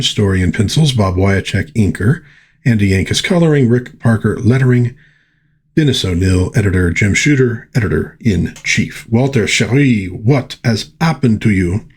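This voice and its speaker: A man's voice: lowish voice, breathy edge. A man hosting a casual comic book commentary in a chatty, enthusiastic manner.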